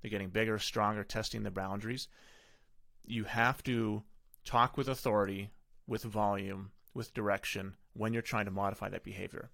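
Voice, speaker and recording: A man's voice: fairly low pitch, fairly even intonation, normal speed, creaky, fairly bright tone, dry recording, clean studio sound. A middle-aged man hosting a podcast, giving casual, rambling parenting advice full of self-corrections. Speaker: podcast host.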